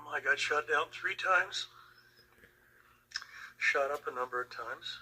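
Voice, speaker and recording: Older man telling a war story, bright voice. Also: fairly high pitch, slightly rough, low-quality recording. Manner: slow, emotional, reflective. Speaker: Vietnam veteran storyteller. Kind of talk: personal storytelling.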